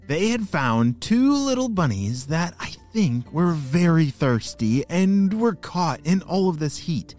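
A man's voice: fairly high pitch, very animated, takes it slowly, hardly any pauses, darkish tone, soft background music. A man hosting a children's story podcast, narrating in an enthusiastic, playful way.

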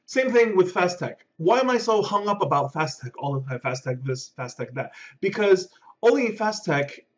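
A man's voice: fairly high pitch, muffled recording. A man hosting a casual vlog about gear, rambling with lots of fillers and asides. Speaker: vlog host. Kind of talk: casual product talk.

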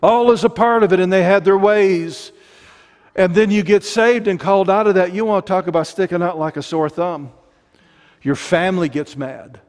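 A man's voice: on the high side, darkish tone, long reverb tail. A middle-aged man with an Ozarks accent preaching a sermon, impassioned and digressive, with joking asides.

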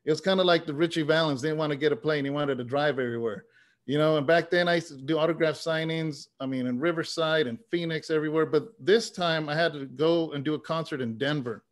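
A man with a somewhat higher voice tells long personal stories in a relaxed interview. He sounds earnest and plain, and he drops "man" and "you know" into his sentences as he builds to his point. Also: quick pace. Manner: earnest, story-driven, says "man" often. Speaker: interview guest, pastor and former rapper. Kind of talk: conversational storytelling.

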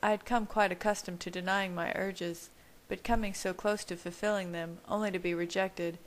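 A woman reading a first-person romance story aloud in a steady, intimate manner. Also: lowish voice, moderate pace, rough recording. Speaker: fan fiction reader. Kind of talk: audiobook narration.

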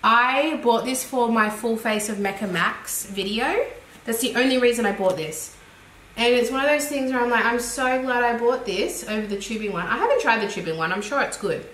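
A woman's voice: fairly high pitch, normal speed, a bit bright. Australian woman, beauty vlogger, chatty, giggly, roomy echo, faint background hiss. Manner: chatty and giggly, thinking aloud. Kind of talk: casual makeup review chat. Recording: echoey room with faint noise.

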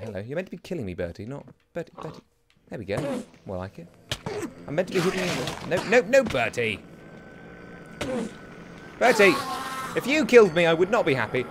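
Over some background noise, a young man with a mid-range voice gives chatty, rambling gameplay commentary as a let's play host. He mocks himself and talks to the creatures in his game.

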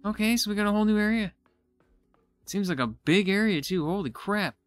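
Exploring a game, this gaming YouTuber thinks aloud in excitable, casual let's-play commentary, sometimes making fun of himself. He speaks briskly in a voice that sits high. The recording has no echo and soft background music.

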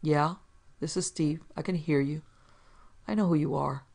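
A sour, tough young detective speaks flatly in short, clipped phrases, with a gravelly edge and a monotone tone, as a narrator puts him on. This is a hardboiled 1940s crime storybook reading. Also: male voice, a little high, moderate pace. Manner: flat, clipped delivery. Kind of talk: audiobook reading.

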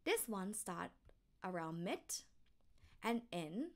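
Slow, lively Thai-accented woman teacher. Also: medium pitch. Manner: demonstrates tones by drawing out single syllables. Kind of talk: slow step-by-step language lesson.

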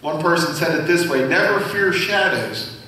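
A man's voice: a little high, moderate pace, pushed and bright. A man preaching a sermon as senior pastor, speaking conversationally and asking the congregation questions. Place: church sanctuary. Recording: very echoey hall, voice from far off.

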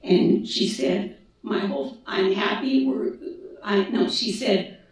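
A woman's voice: mid-range voice, takes it slowly. A woman gives a public presentation in a conversational way, with asides and restarts. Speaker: guest speaker, daughter of a survivor. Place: large lecture hall. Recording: echoey hall from far off.

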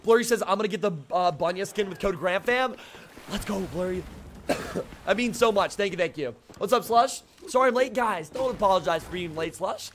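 High-voiced upbeat young male streamer. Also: a little fast, a little hiss or hum. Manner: upbeat, greets chat by name, excitable outbursts. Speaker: game streamer. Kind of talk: casual live-stream chat while playing.

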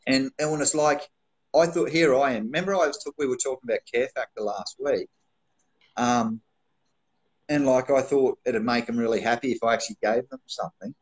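An Australian man with a husky, breathy edge to his voice holds forth in casual chat. He rambles and gets animated, dropping swear words as he goes. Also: medium pitch, fairly quick, rough recording. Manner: rambling and animated, swears freely, repeats "get this". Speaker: co-host of a live online show.

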